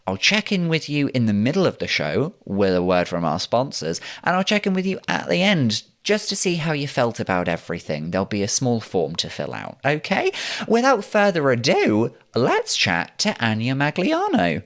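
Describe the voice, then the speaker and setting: A man's voice: medium pitch, huge pitch swings, normal speed, a bit bright. A man hosting a comedy podcast, chatting in a bouncy, self-mocking way full of jokey asides. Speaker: podcast host. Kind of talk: comic podcast monologue.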